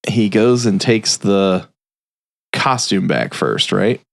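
A man's voice: fairly low pitch, big pitch swings, slow pace, vocal fry, no echo. A man hosting a podcast, casually retelling a film's plot and briefly doing voices for the characters. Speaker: podcast host. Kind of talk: casual film recap.

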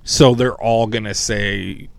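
A man co-hosting a podcast, rambling in casual, animated chat and swearing freely. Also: on the low side, slow pace, gravelly, a little hiss or hum. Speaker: podcast co-host.

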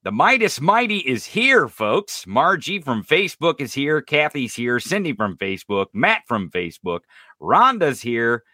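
A man's voice: medium pitch, sing-song, measured pace, pushed and bright, no echo, studio quality. A man hosting a live-streamed political commentary podcast, ranting casually with sarcasm, swearing and bursts of laughter. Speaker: podcast host.

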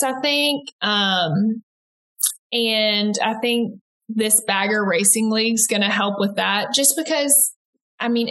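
A young woman from the American South talks in a relaxed interview, her Southern US accent softened. She chats fast and loosely, full of likes, ums and quick restarts. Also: medium pitch. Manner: chatty, quick-talking, many likes and restarts. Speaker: interview guest, aspiring broadcaster. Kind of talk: casual interview chat.

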